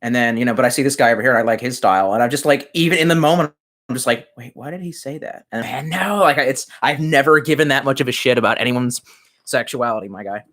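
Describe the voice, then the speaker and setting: A man's voice: medium pitch, quick pace, a bit bright. Male streamer in his room, reading chat, loose and rambling, swears freely. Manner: rambling and profane, often muttering asides. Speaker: livestreamer reading chat comments. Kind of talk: casual livestream chat. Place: his messy room at home.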